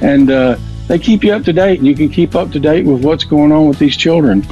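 His voice is on the high side, a little fast, and dark in tone. Appearing as a radio guest, he rambles through a casual plea for donations, repeating words often, in dull lo-fi audio with faint music.

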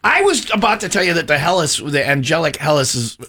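A male host with a bright, forceful tone chats casually and tells stories in an animated, talkative way. He jumps in often and keeps the talk moving. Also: fairly high pitch, a little fast, slightly rough. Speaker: show host. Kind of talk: casual chat.

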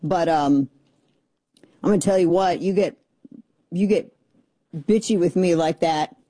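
A woman's voice: on the low side, measured pace, mellow, no room sound. A middle-aged woman hosting a political radio talk show, chatty, opinionated and sarcastic. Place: radio studio.

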